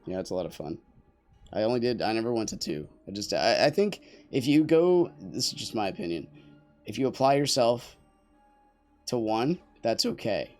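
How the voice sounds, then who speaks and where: While gaming on stream, a young man chats loosely, joking and rambling to viewers and teammates. His fairly low, darkish voice is very animated and moves at normal speed, with faint music in the background.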